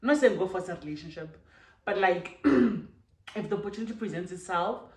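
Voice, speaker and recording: A woman's voice: fairly low pitch, fairly quick. A young adult woman, telling stories animatedly as a co-host in casual chat and switching between languages. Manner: animated, code-switching storyteller. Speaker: podcast co-host. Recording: echoey room from far off.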